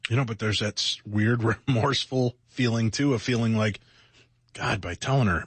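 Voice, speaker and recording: Husky, worn-out middle-aged radio host. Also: male voice, lowish voice, moderate pace, dry recording. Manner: rambling, reflective, self-mocking. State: exhausted, sleepless. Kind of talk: candid late-night radio chat.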